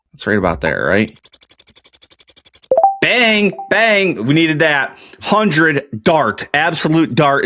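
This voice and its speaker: A man's voice: mid-range voice, a bit bright. A man hosting a casual solo podcast, muttering guesses through a quiz and then rambling through a TV recap with lots of fillers. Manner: thinks aloud while playing a geography quiz, muttering guesses. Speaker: podcast host.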